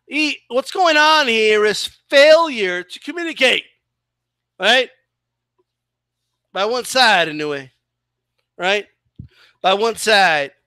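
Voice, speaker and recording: Very high-pitched yet smooth, this man's sharp voice comes through a dry, clean studio recording. He hosts a boxing channel and uses a loose livestream chat for a sarcastic, profane rant, regularly ending points with "right?"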